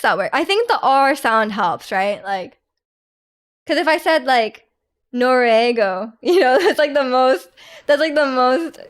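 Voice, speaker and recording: High-voiced young woman, chatty streamer. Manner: chatty, giggly, many restarts and "like". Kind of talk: casual chat reading viewer comments.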